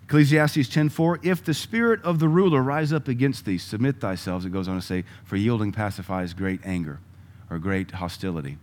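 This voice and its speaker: A man preaching a sermon, moving between loud emphatic lines and quiet asides and chuckling with the congregation. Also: on the low side, fairly quick, hardly any pauses. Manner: laughs often, conversational asides to the congregation.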